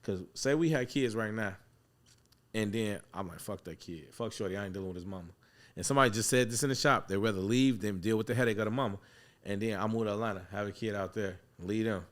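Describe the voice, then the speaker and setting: A man hosting a barbershop talk, speaking bluntly and profanely in casual chat and telling stories with animated put-on voices. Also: on the low side, fast. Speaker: barbershop owner and host.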